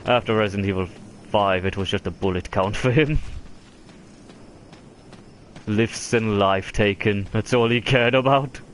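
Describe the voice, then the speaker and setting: A man's voice: fairly low pitch, unhurried, pauses often, a little hiss or hum. A man streaming a video game, talking over it with crude, mocking banter. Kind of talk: profane gameplay commentary.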